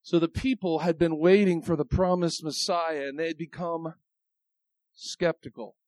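A man preaching a sermon in a lively, casual way, swinging between loud outbursts and quiet asides and talking straight to the congregation. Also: a little high, normal speed, no echo.

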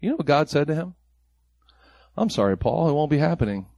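A man preaches a sermon from the pulpit, his voice sitting a little high for a man. He slips into mocking voices whenever he quotes the people he is talking about. The sound is dry and close, with almost no room around it. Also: very animated, brisk, creaky, warm tone, no room sound. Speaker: pastor.

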